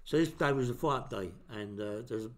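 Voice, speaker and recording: A man's voice: mid-range voice, brisk. A middle-aged man, a podcast host telling a blunt, swear-filled story in casual chat.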